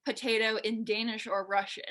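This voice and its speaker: A woman's voice: a little high, flat delivery, moderate pace, a bit bright. A woman hosting a podcast, chatting casually and telling stories, acting out quoted lines. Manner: chatty storyteller, acts out quotes. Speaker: podcast host. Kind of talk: casual interview chat.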